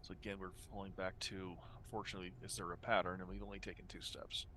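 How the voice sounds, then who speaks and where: A man's voice: sits low, level tone, fast, pushed and bright, slight background noise. A man playing a tabletop game, thinking aloud as he reasons through a puzzle. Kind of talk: casual game table talk.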